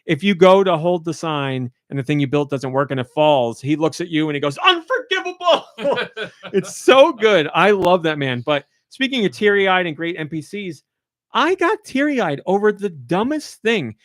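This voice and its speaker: A man hosting a podcast in casual chat, telling stories with animated quoted voices. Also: normal speed, no room sound, studio quality. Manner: animated storytelling, voices quoted lines in a high excited pitch. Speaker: podcast host.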